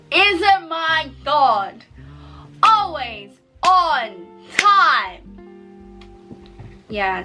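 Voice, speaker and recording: A woman vlogger sharing a personal testimony in casual storytelling, animated as she acts out her own past reactions, her speech altered by a mouth cover plate. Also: mid-range voice, low-quality recording.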